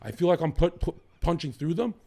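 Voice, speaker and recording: A man's voice: a little high, animated, fairly quick, warm tone, breathy edge. A man talking as a podcast guest, rambling and swearing as he jumps from one topic to the next. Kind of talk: casual podcast chat.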